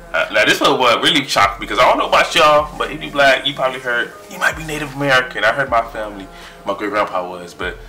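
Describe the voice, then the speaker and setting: A young man in his twenties, chatting excitedly in a casual vlog and trailing off as he reads his results aloud. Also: medium pitch. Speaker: vlogger.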